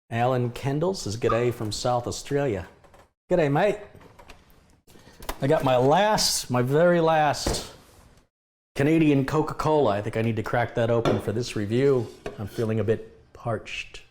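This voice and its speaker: A man's voice: mid-range voice, normal speed, darkish tone, a little hiss or hum. A middle-aged man from the US hosting a live tech review stream, chatting with viewers, greeting them by name and adding wry asides. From United States. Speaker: tech channel host.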